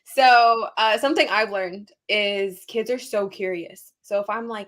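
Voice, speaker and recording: A woman's voice: mid-range voice, moderate pace, hardly any pauses, fairly bright tone. A young woman on a casual panel chat, chatty and candid as she shares a parenting tip. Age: young adult. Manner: chatty, candid, sharing tips. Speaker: panel guest.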